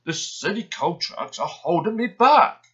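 A man's voice: high-pitched, lively intonation, a little slow, fairly bright tone, pitched above the performer's own voice. A man voicing a proud, boastful big male engine who lectures others. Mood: grumbling. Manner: pompous, lecturing. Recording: dull lo-fi sound.

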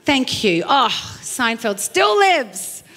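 High-voiced woman preaching in a big hall. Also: slow pace. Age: middle-aged. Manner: animated storytelling with acted quotes and emphatic repetition. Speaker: pastor. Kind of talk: sermon. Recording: long hall reverb.

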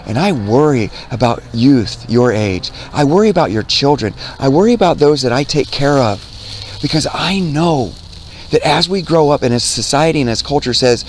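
A man's voice: medium pitch, animated, moderate pace, slight background noise. A man preaching earnestly outdoors to young people, repeating himself, quoting scripture and asking "right?". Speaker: street preacher. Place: outdoors by a road.

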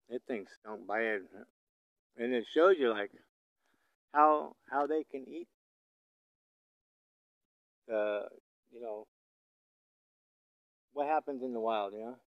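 A man filming cattle outdoors on a hillside, coaxing and calling to the animals in a high sing-song voice, then talking casually to the camera. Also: slow pace, long pauses, no room sound, dull audio. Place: outdoors in a hilly pasture.

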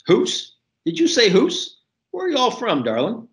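A man's voice: fairly high pitch, sing-song, brisk. A man voicing a sassy, flirtatious waitress in her sixties with a drawl. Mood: teasing, brassy. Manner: sassy, teasing, drawling endearments.

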